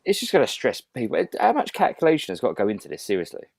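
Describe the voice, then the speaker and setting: A man's voice: mid-range voice, wildly swooping pitch, racing, gravelly, a little mellow, no echo. A man co-hosting a podcast over a video call, ranting in exasperation in casual chat. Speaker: podcast co-host.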